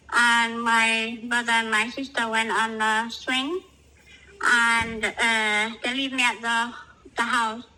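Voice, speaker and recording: Slow, bright Jamaican woman, voice disguised. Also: fairly high pitch, rough recording. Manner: halting, hesitant, with many pauses and fillers. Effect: voice disguise filter. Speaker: caller sharing her life story. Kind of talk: personal storytelling over a call.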